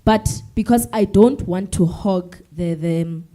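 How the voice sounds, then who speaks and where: A teenage girl from South Africa whose first language is Zulu addresses a formal forum as a student representative. She speaks politely and hesitantly, filling gaps with ums. Her voice is low and very dark. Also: slow. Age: teens.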